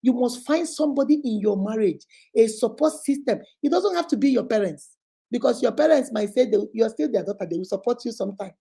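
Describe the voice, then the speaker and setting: A woman's voice: fairly high pitch, animated, fairly quick, vocal fry, warm tone, breathy edge. A middle-aged woman with a Nigerian accent, giving earnest, emphatic relationship advice as the host of a talk video. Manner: earnest and emphatic, lapses into Igbo phrases.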